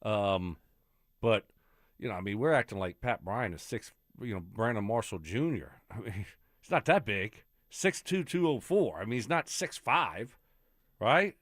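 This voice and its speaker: A man's voice: fairly low pitch, lively intonation, unhurried, no echo, studio quality. A man co-hosting a sports radio show, talking casually through his thoughts. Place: radio studio.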